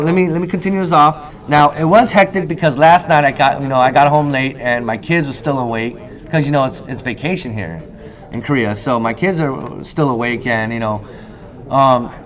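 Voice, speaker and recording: A man in his thirties hosting a casual talk show monologue, telling stories with lively acted-out quotes. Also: muffled recording. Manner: animated storyteller, acts out quoted lines in a higher voice. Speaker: host. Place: in Korea.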